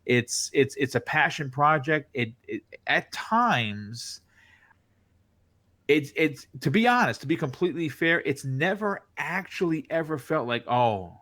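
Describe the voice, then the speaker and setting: A man telling stories as a podcast guest in casual chat, with a distinctive voice, animated and full of restarts. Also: on the high side, unhurried, dry recording. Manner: animated, lots of restarts, acts out quoted reactions. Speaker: podcast guest, content creator.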